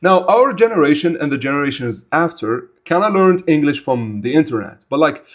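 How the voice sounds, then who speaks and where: A man's voice: fairly high pitch, fairly quick. Young male streamer, raised voice that swings widely, blunt and rambling with viewers. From Algeria. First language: Arabic. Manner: animated, rambling, blunt and informal. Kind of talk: casual livestream chat answering viewers.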